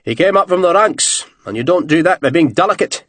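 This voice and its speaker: A man voicing a gruff, blunt army general who growls and swears. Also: fairly high pitch, expressive, fairly quick, dry recording, pitched above the performer's own voice. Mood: blustering.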